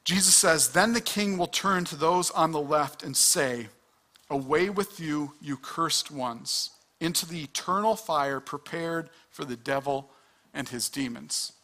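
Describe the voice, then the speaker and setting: With a voice on the high side that sounds pushed and bright, a pastor delivers a sermon. He's earnest and conversational, frequently restarting mid-thought and acting out little asides.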